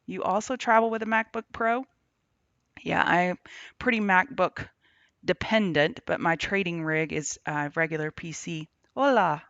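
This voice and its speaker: A woman's voice: lowish voice, measured pace, fairly bright tone, no echo. A woman hosting a live trading show, chatting and greeting viewers by name between chart talk, on the road. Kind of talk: casual livestream market commentary. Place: on the road, remote setup. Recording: dull lo-fi, dry sound.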